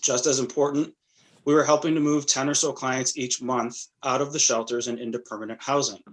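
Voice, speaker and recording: Measured man giving a prepared update. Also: medium pitch, steady tone. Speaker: clinical director giving an update. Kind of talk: prepared report.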